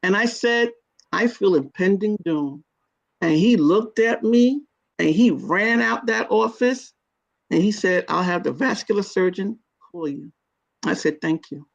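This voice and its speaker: A woman's voice: medium pitch, unhurried, gravelly, highs cut off. A woman telling her own story as an interview guest, earnest and emotional, acting out her past words. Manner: earnest, retells her own quoted words with rising intensity. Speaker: guest sharing her kidney disease story.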